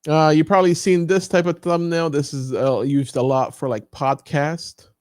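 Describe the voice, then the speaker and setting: A man's voice: a little high, fairly even intonation, normal speed, a little mellow, dry recording, clean studio sound. A man giving a casual live training, thinking aloud with frequent fillers as he walks through examples on his screen. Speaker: YouTube coach.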